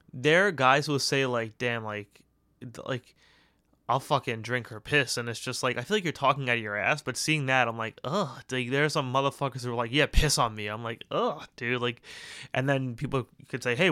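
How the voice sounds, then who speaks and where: A man rambling crudely through a solo podcast rant, jumping into little voiced asides. His voice is bright and smooth, recorded close and dry with no room sound. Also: medium pitch, dry recording. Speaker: podcast host.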